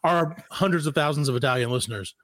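A man's voice: on the high side, fast, a bit bright, no echo. A man co-hosting a podcast in casual chat, joking around and slipping into goofy impressions. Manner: jokey, breaks into goofy impressions. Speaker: podcast co-host.

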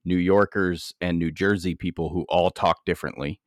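A man with a New England accent in casual podcast chat, relaxed and explaining. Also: low-pitched, normal speed, no room sound, studio quality. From New England, USA.

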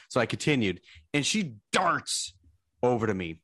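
A man in his thirties co-hosting a casual podcast, telling stories in an animated, self-deprecating way. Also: mid-range voice, moderate pace, no room sound, clean studio sound. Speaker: podcast co-host.

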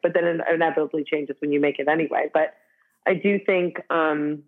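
A woman's voice: on the low side, fast. A woman with a Boston accent speaks as an interview guest. She chats loosely, stacking fillers and restarting her sentences. Her voice comes through a narrow, tinny call line. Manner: chatty, with many restarts and "like" fillers. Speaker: guest, actor and writer. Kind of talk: casual interview talk.

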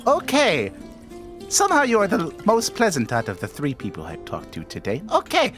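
A man's voice: high voice, wildly swooping pitch, normal speed, fairly bright tone, faint music behind, pitched above the performer's own voice, full character voice. A man voicing a polite, patient male tavern keeper who carefully reads an order back.

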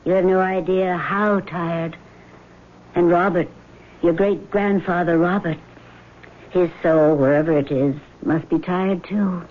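An actress playing a vengeful female ghost in a 1970s radio drama, speaking slowly and sometimes whispering. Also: lowish voice, steady tone. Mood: cold, menacing. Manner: slow, measured, sometimes whispering. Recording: tinny old radio broadcast with faint hiss.

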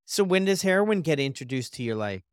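A podcast host answers the guest with quick affirmations whose pitch rises and falls, then moves to the next question. The voice is mid-pitched and recorded dry and close. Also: big pitch swings, smooth, no echo. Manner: brief affirming responses. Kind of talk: interview questions and backchannel.

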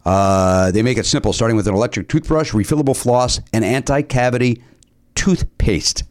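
A man's voice: medium pitch, normal speed. A man co-hosting a podcast, reading a sponsor ad in casual, jokey chat with many restarts. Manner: stammering, playful, jokey.

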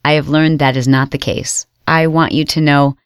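A woman host telling her own story with dramatic storytelling, reliving her panic with sudden high exclaimed outbursts. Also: flat delivery, moderate pace, clear, resonant tone, dry recording, studio quality. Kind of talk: dramatic first-person storytelling.

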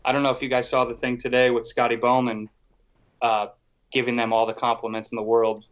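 A man's voice: medium pitch, a little fast, dull audio. A man co-hosting a podcast, talking hockey in a rambling, casual way full of fillers. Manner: rambling, filler-heavy, animated. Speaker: podcast co-host. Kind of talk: casual sports chat.

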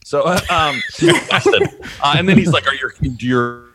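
A man's voice: on the high side, normal speed, no room sound. A man chatting casually on a podcast, telling stories and acting out the people in them. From Canada. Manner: animated storyteller, acts out quotes. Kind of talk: casual chat.

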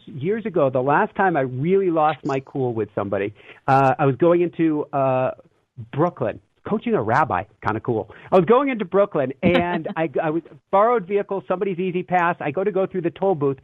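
A spiritual teacher guesting on an interview tells stories earnestly and energetically, laughing now and then. His fairly high voice moves briskly with lively intonation. The line sounds tinny and phone-like, dry with no room sound.

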